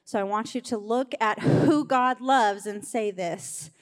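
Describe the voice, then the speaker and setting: Woman pastor, fairly high voice, conversational sermon, long church-hall reverb. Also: measured pace. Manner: conversational, urging the congregation along. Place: church sanctuary.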